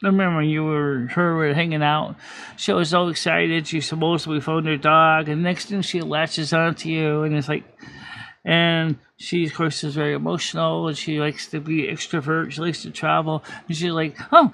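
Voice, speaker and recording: A man's voice: on the high side, creaky, a bit bright. A man hosting a live stream in casual chat, rambling with many restarts and self-corrections.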